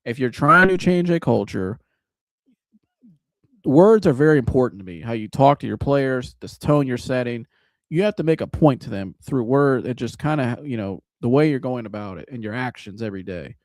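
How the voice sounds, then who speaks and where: A man hosting a live sports reaction show, talking in an animated, casual, joking way with some swearing. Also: medium pitch, moderate pace, no echo, studio quality. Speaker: sports podcast host.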